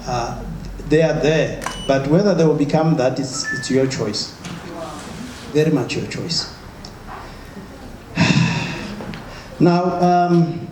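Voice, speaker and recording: A man's voice: on the high side, takes it slowly, pauses often, a little mellow. A man giving a motivational talk to a live audience, emphatic and often asking the crowd questions. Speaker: motivational speaker. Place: large hall with an audience. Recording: echoey hall with noise.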